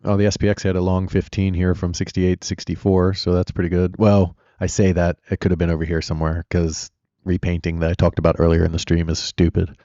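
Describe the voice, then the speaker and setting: A man with a low, dark voice talks his way through a live trading stream. He rambles, answers viewers and gives blunt opinions, recorded dry and a little dull. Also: little pitch movement, fairly quick, few pauses, no room sound. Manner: chatty, rambling, answers chat questions. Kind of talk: casual live-stream commentary.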